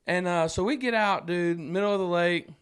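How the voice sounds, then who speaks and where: A man with a notably high voice tells a story as a podcast guest. He talks casually and acts out the voices of the people in the story. He laughs between lines as he goes. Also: moderate pace, clean tone. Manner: animated, acts out quoted voices, frequent laughs.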